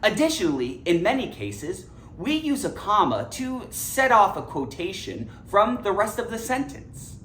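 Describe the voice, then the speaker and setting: A woman giving a scripted grammar lesson, animated and emphatic. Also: medium pitch, unhurried, few pauses, echoey room, a little hiss or hum. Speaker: English grammar teacher.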